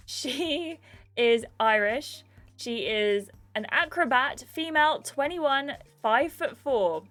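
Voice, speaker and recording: A young woman hosting a casual gaming video, chatty and excitable as she reads and reacts. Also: on the high side, measured pace. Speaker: gaming channel host.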